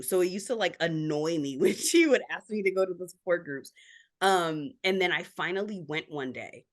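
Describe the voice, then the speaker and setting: A woman's voice: lowish voice, animated, moderate pace. A woman guest on a podcast, telling her family story openly, with lots of filler likes. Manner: open, candid storytelling. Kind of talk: casual interview chat.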